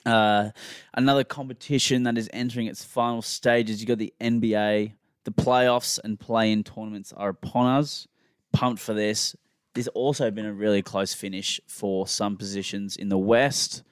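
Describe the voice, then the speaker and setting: A man's voice: lowish voice, steady tone, unhurried, smooth, dry recording, clean studio sound. A man, hosting a casual podcast chat and rambling enthusiastically about sport. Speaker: podcast host.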